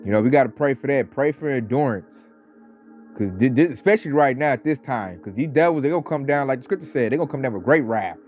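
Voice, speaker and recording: A man delivering a casual ranting monologue, talking with animated, mocking energy and mimicking coworkers. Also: mid-range voice, quick pace. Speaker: online commentator. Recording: slightly dull audio, faint background music.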